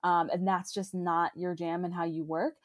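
A woman's voice: on the low side, little pitch movement, normal speed, dry recording. A young woman co-hosting a podcast in casual, rambling chat full of fillers and restarts. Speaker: podcast co-host.

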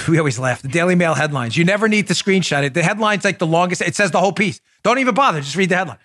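A man's voice: sits high, animated, fast, a bit bright. A man hosting a political commentary podcast, sarcastic and incredulous, firing off rhetorical questions. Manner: sarcastic, mocking asides. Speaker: podcast host.

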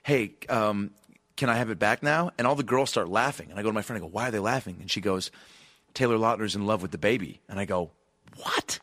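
A man in his thirties telling a profane, comic story with lots of energy. He acts out voices for the people in the story and often rises to a shout. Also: fairly low pitch, quick pace, no echo. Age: 30s. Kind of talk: animated comedic storytelling.

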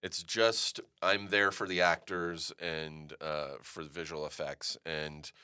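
A man's voice: low-pitched, level tone, takes it slowly, bright, forceful tone, smooth. A man being interviewed as an actor, telling stories animatedly and swearing freely. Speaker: actor guest. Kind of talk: casual interview storytelling.

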